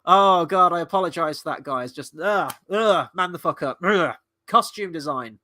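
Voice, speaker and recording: A man with a fairly high, bright, forceful voice talks through a live awards watchalong. He is chatty and excitable, swearing freely as he reacts. His voice sounds close and dry. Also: moderate pace, no echo. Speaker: livestream host and movie reviewer. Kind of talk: casual live watchalong commentary.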